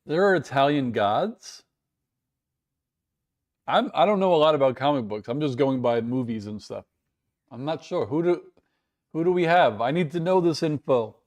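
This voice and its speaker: A man's voice: on the high side, expressive, normal speed, long pauses, a little mellow. An American man hosting a casual live stream, chatting and rambling in a self-deprecating way while reading viewer comments, recorded indoors at home. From United States.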